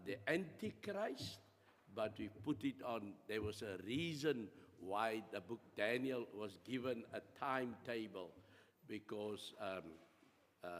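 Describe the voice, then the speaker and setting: South african preacher guy, slow and halting, lots of ums, church hall echo. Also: lowish voice. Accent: South African English. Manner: slow, halting, many fillers. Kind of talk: sermon and prayer. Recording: long reverb of a church hall.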